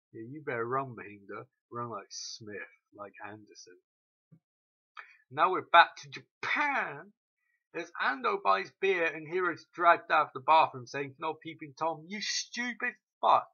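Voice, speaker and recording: A man ranting through a TV episode recap, swearing often and mocking the characters in quick quoted asides. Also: medium pitch, sharp tone, husky, muffled recording. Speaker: show recap host.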